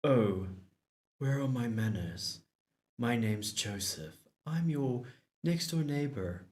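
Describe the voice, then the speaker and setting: A man's voice: mid-range voice, lively intonation, slow, darkish tone. A man voicing a friendly, clean-cut married pastor who is the new neighbor in a dating game, speaking in a mild, polite way.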